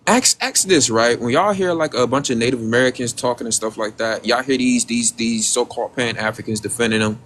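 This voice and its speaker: Man, livestream host, casual rant, rhetorical questions, repeats words, medium pitch, faint background noise. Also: fairly quick, hardly any pauses, fairly bright tone.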